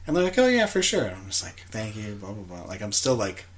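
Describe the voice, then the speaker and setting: A man's voice: on the low side, animated, fast. A man co-hosting a podcast in casual chat, swearing freely and acting out quoted lines. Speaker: podcast co-host.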